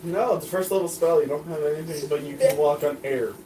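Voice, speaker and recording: A woman playing a tabletop game, chatting excitably and exclaiming. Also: sits low, quick pace. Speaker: player. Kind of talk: casual tabletop chat. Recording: echoey room, distant, noisy.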